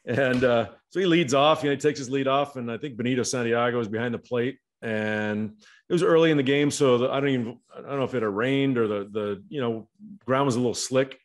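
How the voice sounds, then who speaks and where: A man's voice: medium pitch, a little fast. A man, a former player turned coach, telling rambling baseball anecdotes in casual podcast chat. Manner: rambling anecdotes with profane quoted voices.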